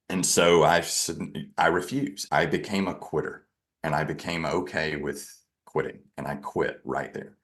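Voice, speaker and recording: Deep-voiced man telling a hard story. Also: fairly even intonation, fairly bright tone. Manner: halting, with frequent restarts and self-corrections; frank and self-deprecating. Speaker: podcast guest. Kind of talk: candid personal storytelling.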